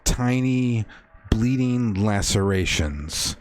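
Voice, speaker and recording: A man acting as game master, slowly describing a horror scene in a tabletop game with frequent fillers. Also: on the low side, lively intonation, darkish tone.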